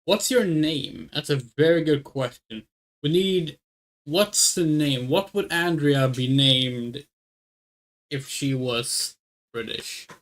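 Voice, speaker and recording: In a low, slow voice, a woman offers casual let's-play commentary, rambling and thinking aloud to her viewers as she picks options. She refers to herself as "we."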